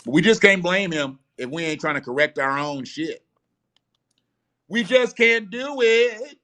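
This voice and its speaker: A man's voice: sits high, lively intonation, a little slow, bright, forceful tone. Blunt, profane man ranting on a live stream. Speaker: host of a live show.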